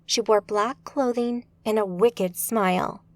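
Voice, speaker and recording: A woman narrating an audiobook in a steady, measured way. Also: medium pitch, no echo.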